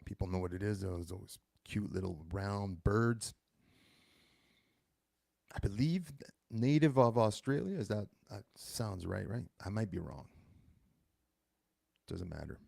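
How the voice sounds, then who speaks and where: A man's voice: lowish voice, animated, measured pace, vocal fry, long pauses, a little mellow, dry recording, clean studio sound. A man in his thirties hosting a show, talking casually in a rambling way and correcting himself as he goes. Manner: rambling, self-correcting storytelling. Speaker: host. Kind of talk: casual monologue.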